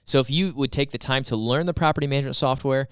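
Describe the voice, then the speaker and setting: Smooth, dry-voiced man explaining on a podcast. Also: medium pitch, quick pace, no echo. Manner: explanatory, builds points step by step. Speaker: podcast co-host. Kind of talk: casual podcast chat.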